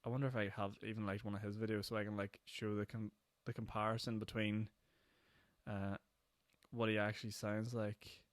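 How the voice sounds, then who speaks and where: A young Northern Irish man hosting his own podcast, talking fast and rambling from one thing to the next with frequent laughs. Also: on the low side, level tone, no room sound. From Northern Ireland. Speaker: podcast host. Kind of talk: casual solo podcast chat. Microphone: podcast microphone.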